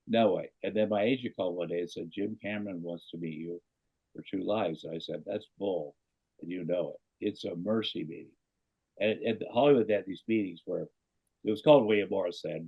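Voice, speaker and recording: This deep, gravelly, husky voice belongs to a middle-aged Iowa comedian who is guesting on a podcast. He animatedly spins a lengthy story in a casual interview, voicing the characters he quotes, over dull lo-fi sound.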